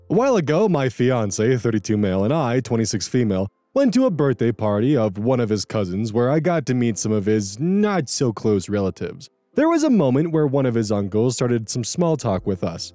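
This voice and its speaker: A man narrating online stories with a lively, swinging pitch and wry asides of his own. His voice is dry and close to the mic. Faint background music plays under him. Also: moderate pace, dry recording. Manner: animated, expressive reading with wry asides. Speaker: story narrator and commentator. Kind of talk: reading online stories aloud with commentary.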